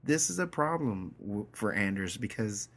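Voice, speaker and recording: A man's voice: fairly low pitch, very animated, moderate pace. A man teaching a story, reading it aloud line by line and then explaining it in a casual way, often checking in with his listeners.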